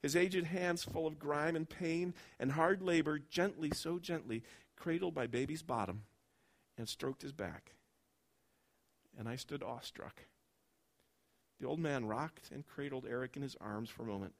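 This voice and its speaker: Man reading a story aloud, expressive. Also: a little slow, creaky. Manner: expressive storytelling, dropping soft and low at tender moments.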